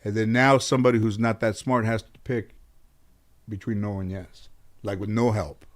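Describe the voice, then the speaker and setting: Speaking at normal speed with a lowish voice and fairly even intonation, a middle-aged comedian from around Los Angeles sits for a casual interview. He shares childhood memories, voicing his relatives and cursing openly.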